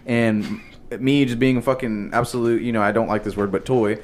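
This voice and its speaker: Fast-talking young man telling a profane story. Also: mid-range voice, slight background noise. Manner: profane, animated storyteller acting out quotes. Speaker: podcast co-host. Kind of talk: casual chat, storytelling.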